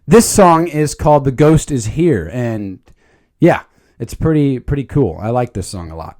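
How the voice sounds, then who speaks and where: A man's voice: medium pitch, measured pace. A man reviewing a movie in a casual, jokey commentary. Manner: animated, jokey, slips into silly voices.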